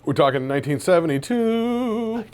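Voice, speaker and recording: A man's voice: sits high, expressive, moderate pace, clean tone. A man co-hosting a podcast in casual chat with a dry, teasing manner. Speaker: podcast co-host.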